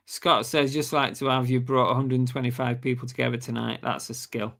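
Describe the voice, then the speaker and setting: A man's voice: medium pitch, little pitch movement, moderate pace, gravelly, a bit bright. A man with a British accent hosting a casual live stream, reading viewer comments aloud and chatting back, and saying he is losing his voice. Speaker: livestream host.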